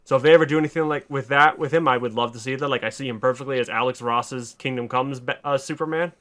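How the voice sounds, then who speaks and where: Bright-voiced man pitching a story excitedly. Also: fast. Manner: excited retelling, casual swearing. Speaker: podcast host. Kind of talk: casual chat, pitching a story.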